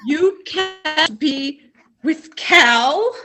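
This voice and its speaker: A pious, domineering mother, played by a woman in an improvised stage comedy. She drawls her lectures slowly. Her high voice swoops up and down. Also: lively intonation, music in the background, full character voice. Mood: scolding. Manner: preachy, scolding, drawling.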